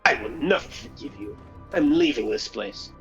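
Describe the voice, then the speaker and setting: A game master voicing a gruff middle-aged husband who is bitter and accusing in an argument. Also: mid-range voice, expressive, moderate pace, highs cut off, faint music behind, lightly acted. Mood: bitter, indignant.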